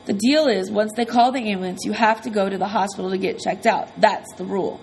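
A woman's voice: mid-range voice, steady tone, quick pace, darkish tone, a little hiss or hum, rough recording. A woman narrating an audiobook in the first person, earnest and conversational.

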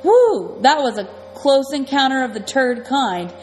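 A woman voicing a small, excitable, brainy boy who shrieks and whoops with eager delight. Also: high-pitched, moderate pace, in a large hall, faint music behind, natural voice. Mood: whooping.

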